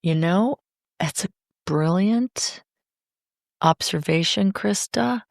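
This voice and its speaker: A middle-aged woman talking as a podcast guest in a heartfelt, expressive, emphatic way. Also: lowish voice, slow, creaky, no echo, clean studio sound. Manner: expressive, emphatic, speeds up when enthused. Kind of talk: heartfelt conversation.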